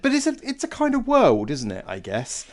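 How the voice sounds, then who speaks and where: A man's voice: a little high, huge pitch swings, moderate pace, a little mellow. Musing man podcast co-host. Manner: musing, hesitant, trails off and restarts. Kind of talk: casual film review chat.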